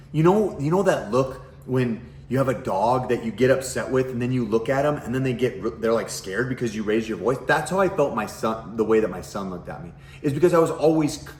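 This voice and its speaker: A middle-aged parenting coach talks bluntly to camera at home near the kitchen, swearing a lot and firing off rhetorical questions in a casual way. His medium-pitched voice is expressive and a little fast, sounding reverberant with slight background noise.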